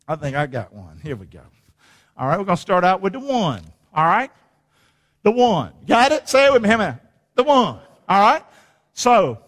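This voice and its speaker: Male preacher, high voice, emphatic, repetitive, call-and-response sermon in a church. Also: a bit bright. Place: church sanctuary. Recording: long hall reverb.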